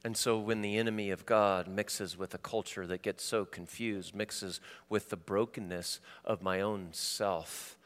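Male pastor, smooth resonant voice, preaching in a hall with long reverb. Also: fairly low pitch, a little slow, hardly any pauses. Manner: shifts from loud and animated to quiet and intimate. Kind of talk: sermon.

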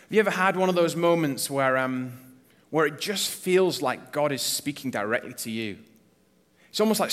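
A man's voice: mid-range voice, fairly bright tone. Man preaching in an echoing hall. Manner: conversational, earnest, rhetorical questions. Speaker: pastor. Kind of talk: sermon. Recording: long reverb of a church hall.

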